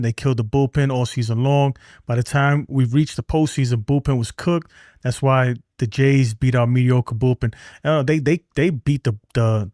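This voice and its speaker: A man's voice: mid-range voice, darkish tone, dry recording, studio quality. A man hosting a casual sports livestream, chatty and laid-back, reading viewer comments and calling people man and bro. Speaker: livestream host.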